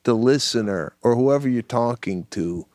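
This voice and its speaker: Man, podcast co-host, very lively pitch, emphatic storytelling, dry close sound. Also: no echo. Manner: emphatic, drawn-out storytelling with frequent "right?". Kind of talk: casual chat.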